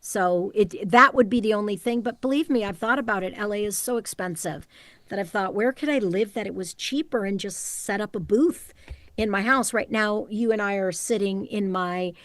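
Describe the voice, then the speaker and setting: A middle-aged woman voice actor chats in an animated, storytelling way. She speaks at an ordinary pitch for a woman. Her voice is recorded close and dry in a small home booth. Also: normal speed, no room sound. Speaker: voice actor guest. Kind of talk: casual interview chat.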